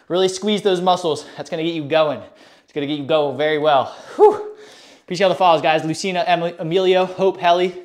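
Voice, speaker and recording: Breathless high-voiced young man streaming. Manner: hyped, casual bro talk to chat. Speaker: fitness streamer. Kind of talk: live workout stream chat.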